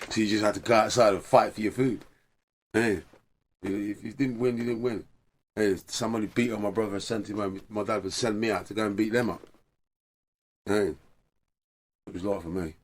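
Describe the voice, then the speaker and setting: A man's voice: fairly low pitch, normal speed, pauses often, a bit bright. A man being interviewed for a documentary, telling a story from his youth in a wry, matter-of-fact way.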